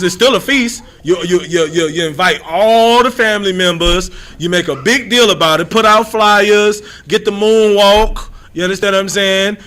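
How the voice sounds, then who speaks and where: A man's voice: sits high, fairly bright tone. A man leading an informal Bible lesson, emphatic and repetitive, calling on readers by title. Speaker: scripture teacher.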